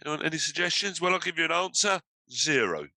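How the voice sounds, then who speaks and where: Guy hosting an online panel on a video call, really bright voice, bit high, dry sound, lots of ums. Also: animated, quick pace, dry recording, low-quality recording. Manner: hesitant, many fillers and restarts. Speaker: host.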